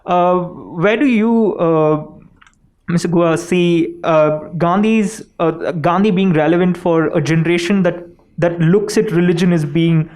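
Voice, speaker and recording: A man's voice: high voice, a little slow, a little mellow. A man in the audience asking a panel a long question, hesitating with many fillers.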